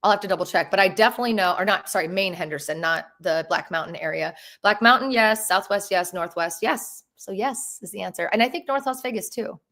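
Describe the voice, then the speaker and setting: Woman in her thirties, live stream host, bubbly, chatty, restarts sentences, mid-pitched. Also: fairly quick, hardly any pauses, a bit bright. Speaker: real estate agent and host. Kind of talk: live stream Q&A, casual chat.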